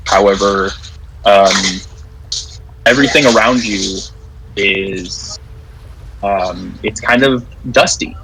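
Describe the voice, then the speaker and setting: A man narrating as game master of a tabletop game, describing scenes in a halting way with many fillers. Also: on the low side, a bit bright, slight background noise, rough recording.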